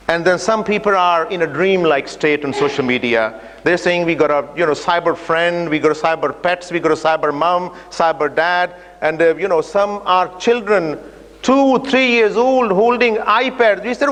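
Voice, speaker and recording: A man delivers a storytelling lecture, describing an imagined journey and voicing the people he meets. His voice sits fairly high for a man, and he talks with frequent fillers. The long reverb of a large hall carries each phrase. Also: moderate pace, a bit bright. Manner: imaginative journey narrative, acting out dialogue with hesitant fillers. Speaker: speaker giving an Islamic talk. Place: mosque or community centre hall.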